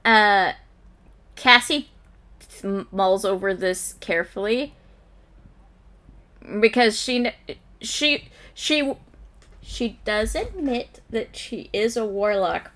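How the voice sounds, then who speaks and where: A woman taking part in a tabletop game as a player. She talks slowly and hesitantly, mulling her words over with uhs and hmms in a mid-range voice. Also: medium pitch, fairly bright tone. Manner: hesitant, thoughtful, many fillers. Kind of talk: playing a character in a tabletop game.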